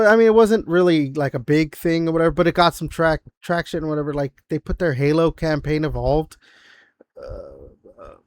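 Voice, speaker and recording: Man, fairly high voice, dry close podcast mic, casual gaming chat, rambling with constant fillers, swears a lot. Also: no room sound. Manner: rambling, filler-heavy, profane. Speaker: podcast co-host.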